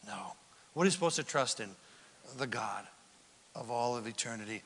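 Dramatic preacher in an echoing hall. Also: male voice, fairly high pitch, lively intonation, moderate pace. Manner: dramatic, swings from loud to whispered. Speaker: pastor. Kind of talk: sermon. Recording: long hall reverb.

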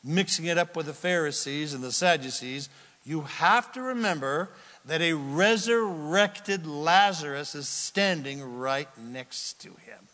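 A man preaching a sermon with a dramatic, teacherly manner, asking the listeners questions and answering them himself, swinging between loud cries and near-whispers. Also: on the high side, a little slow. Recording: long reverb of a large hall.

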